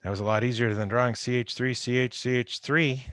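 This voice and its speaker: A man's voice: mid-range voice, steady tone, fairly quick, fairly bright tone, no room sound. Man teaching chemistry over video call. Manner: conversational, repeats key points, stresses warnings. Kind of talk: recorded online lecture. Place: home or office on a video call. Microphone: computer microphone.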